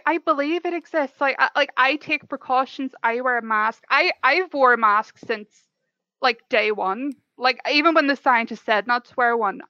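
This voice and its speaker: A woman's voice: high voice, bright, forceful tone, no echo. A young Irish woman in casual debate chat, blunt and swearing freely, with exasperated teasing. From Ireland. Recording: dull lo-fi audio.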